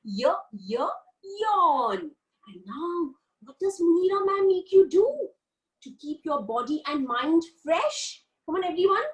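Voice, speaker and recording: High, lively woman teaching little kids. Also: rough recording. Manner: animated, drawn-out sing-song syllables for young children. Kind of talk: online kindergarten lesson.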